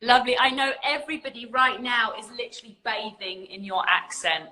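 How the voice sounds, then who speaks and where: A bright-voiced English woman hosts a casual livestream chat over a video call. She is bubbly and giggly and keeps saying "like" and "literally". The sound is roomy with a clear echo. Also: on the high side, a little fast. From England. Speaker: host.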